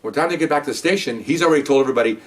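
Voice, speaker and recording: Older ex-detective, fast and heated storyteller, slightly distant mic. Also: male voice, mid-range voice. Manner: heated, animated, acts out quoted lines. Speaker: retired narcotics detective. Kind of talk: personal storytelling.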